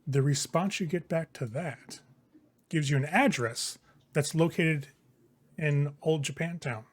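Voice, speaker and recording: A man narrating as game master, in a casual, vivid, slightly crude way. His voice sits a touch high. He keeps the story moving. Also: a little slow.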